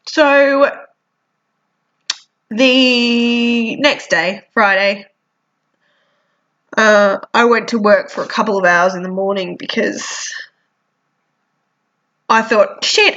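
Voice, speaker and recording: Blunt, teary woman, high voice. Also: takes it slowly, long pauses, pushed and bright, dull audio. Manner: blunt and frank, swears freely. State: teary and sniffly. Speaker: vlogger. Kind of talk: candid personal vlog.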